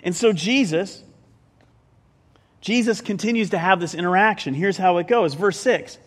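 A man with a notably high voice preaches a sermon, animated and conversational, slipping in joking asides between scripture. His voice rings out with a long reverb, as if filling a large hall. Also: normal speed. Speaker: pastor.

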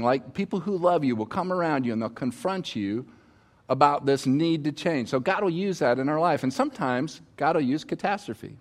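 A man's voice: a little high, animated, moderate pace. A middle-aged man preaching a sermon on stage, telling personal stories in a conversational way and asking the audience to respond. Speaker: pastor. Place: on stage before a congregation.

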